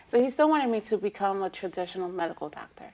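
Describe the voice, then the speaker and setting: A woman who is a licensed acupuncturist, a guest on a TV talk show, calmly explaining her practice. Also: mid-range voice, quick pace, a crowd in the background. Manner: calm, explanatory, with frequent "um" and "you know". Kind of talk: explaining in an interview.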